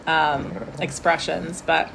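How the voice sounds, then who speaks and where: A woman co-hosting a casual whiskey tasting, chatty and quick to laugh at herself. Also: low voice, little pitch movement, gravelly, fairly bright tone, slight background noise. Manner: chatty, laughs often, self-deprecating.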